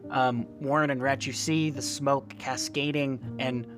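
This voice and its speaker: A man narrates a tabletop game as its game master. His telling is casual and unhurried, full of small fillers and restarts, with faint music in the background. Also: medium pitch, steady tone.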